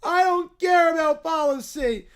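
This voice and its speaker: A woman's voice: extremely high pitch, a little slow. A woman voicing a lovesick, petulant little male gray bear cub in a cartoon clip, whining and sobbing as it makes demands. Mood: demanding. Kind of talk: AI-generated cartoon video clip.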